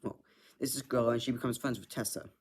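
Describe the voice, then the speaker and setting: A man's voice: medium pitch, fairly even intonation, fast talker, slightly rough. Rambling, swearing young guy telling a story. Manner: rambling, heavy filler words, frequent swearing. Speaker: vlogger.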